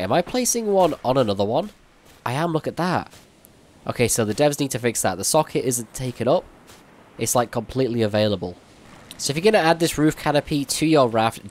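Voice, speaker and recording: A man talking through a survival game update as he plays, chatty and thinking aloud. His voice sits at an ordinary middle pitch. A faint hiss of noise hangs under the recording. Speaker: gaming YouTuber. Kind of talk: casual gameplay commentary.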